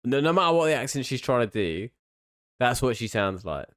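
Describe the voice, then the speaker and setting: A man's voice: medium pitch, big pitch swings, brisk, fairly bright tone, dry recording, clean studio sound. A man commentating over a game stream, giving candid, blunt critique. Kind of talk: let's play commentary.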